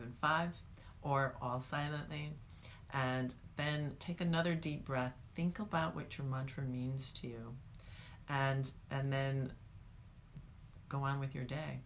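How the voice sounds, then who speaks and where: Woman leading a meditation lesson, low bright voice, calm and coaching. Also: a little hiss or hum. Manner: calm, coaching, talks straight to the viewer. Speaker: meditation teacher. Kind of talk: guided meditation talk.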